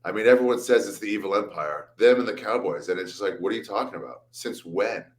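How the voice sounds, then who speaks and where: A man's voice: lowish voice, lively intonation, fast talker. A man, a comedian, chatting casually as a guest, joking and self-deprecating with laughs. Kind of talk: casual chat.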